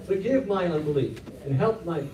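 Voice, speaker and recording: A man's voice: high-pitched, moderate pace, a little hiss or hum. Man preaching in an echoey church. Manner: animated preaching, acts out Bible scenes in voices. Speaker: pastor. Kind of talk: sermon. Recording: roomy echo, from a distance.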